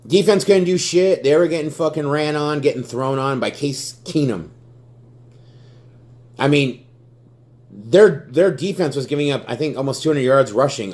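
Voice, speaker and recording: Furious about his team, a young man vlogs a rant filled with constant swearing, stumbling and repeating himself as his temper rises. He has a medium-pitched voice with a darkish tone.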